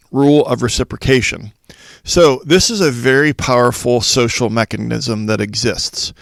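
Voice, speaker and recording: A man hosts a solo podcast and explains his ideas one numbered point at a time. His voice is gravelly and sits in a middle range. The sound is dry and close, with no room around it. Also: medium pitch, no echo. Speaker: podcast host for school leaders.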